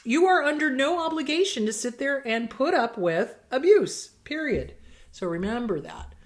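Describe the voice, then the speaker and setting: A woman's voice: high voice, very animated, normal speed. A middle-aged woman therapist giving blunt, emphatic advice in casual talk, acting out quoted exchanges. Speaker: therapist host answering viewer questions.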